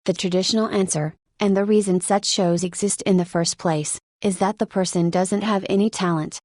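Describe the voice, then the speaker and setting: A woman's voice: medium pitch, steady tone, moderate pace, darkish tone, no echo. Woman reading an audiobook, dry close mic. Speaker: audiobook narrator. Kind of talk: scripted nonfiction narration.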